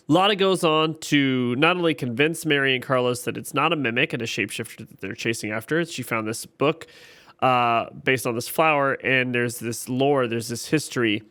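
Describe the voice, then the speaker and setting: Bright-voiced man recapping a TV episode. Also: mid-range voice, normal speed. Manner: retells scenes by acting out characters' lines.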